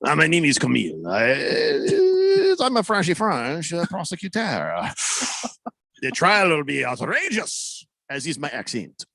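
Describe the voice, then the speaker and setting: A man's voice: a little high, huge pitch swings, unhurried, creaky, pushed and bright, no echo, heavily acted. A man voicing a pompous, upbeat male French prosecutor with an exaggerated mock French accent, put on as a radio talk-show bit.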